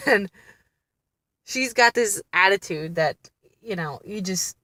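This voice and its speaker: A woman's voice: medium pitch, expressive, slow, bright, forceful tone, no room sound. A woman chatting candidly to camera as a mother, blunt and often laughing as she talks. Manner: exasperated, blunt. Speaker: mother vlogging about family therapy. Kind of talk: casual vlog chat.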